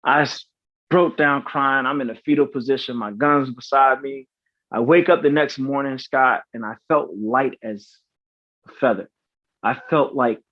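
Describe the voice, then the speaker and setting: A man in his thirties speaks as a podcast guest, halting and earnest, circling back and restarting as he tells his story. His voice sits in the middle range. The recording is dry and slightly dull, with no room sound. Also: medium pitch, dry recording. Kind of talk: personal storytelling in interview.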